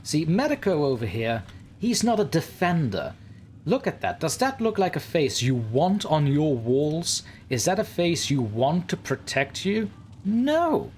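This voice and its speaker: Man, game streamer, live let's-play commentary, playful and theatrical, lively swinging pitch, faint background noise. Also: a little slow. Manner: playful, theatrical, talks to chat and game characters.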